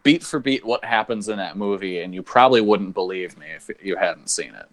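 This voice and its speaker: A man's voice: low voice, brisk. A man co-hosting a podcast, talking enthusiastically and with profanity in casual chat. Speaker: podcast co-host.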